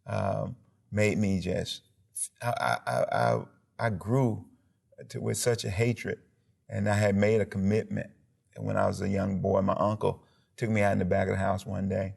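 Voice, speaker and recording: A deep, heavily gravelly man talks with punchy emphasis. He tells his story in a lively, animated way and acts out moments with sound effects. He speaks as a pastor sitting for a TV interview. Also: moderate pace. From Alabama, USA. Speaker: pastor and former football player.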